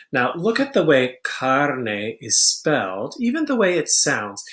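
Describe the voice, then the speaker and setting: A man teaches a vocabulary lesson in an unhurried, deliberate way, drawing out each word. He is patient and clear, repeating terms so students can write them down. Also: mid-range voice, fairly bright tone. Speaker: Spanish teacher. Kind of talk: classroom-style vocabulary lesson.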